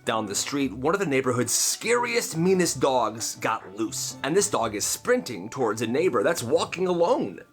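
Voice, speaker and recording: A man's voice: medium pitch, normal speed, hardly any pauses, faint music behind. A man narrating short viral stories in a casual, slangy storytelling voice-over. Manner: animated, slangy.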